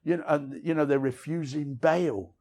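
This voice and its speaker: A man's voice: a little high, fairly even intonation, normal speed, darkish tone. A middle-aged man, an author, telling candid, rambling stories of his past outdoors on city streets, frank and self-deprecating. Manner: rambling, frank, self-deprecating, peppered with "you know what I mean". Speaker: author interviewee. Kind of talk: candid storytelling conversation.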